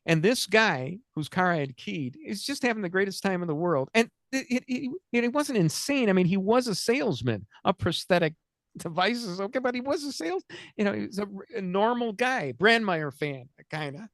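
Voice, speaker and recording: A man's voice: high voice, very animated, normal speed, fairly bright tone, dry recording, clean studio sound. A man, host of a chat show, telling a long story in a rambling, self-interrupting way and laughing through the funny parts. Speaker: podcast host.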